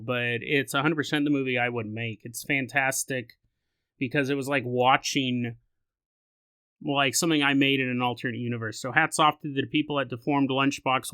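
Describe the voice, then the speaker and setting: A man's voice: a little high, bright, forceful tone, clear, resonant tone, dry recording. A man hosting a podcast, telling a creepy story with rambling, joking asides. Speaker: podcast host.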